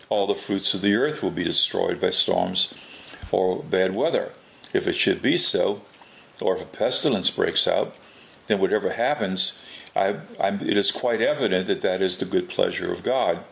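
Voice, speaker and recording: Low, gravelly male preacher. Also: fairly bright tone. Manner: unhurried, repeats and restarts words. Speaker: Catholic preacher. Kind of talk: spoken religious teaching.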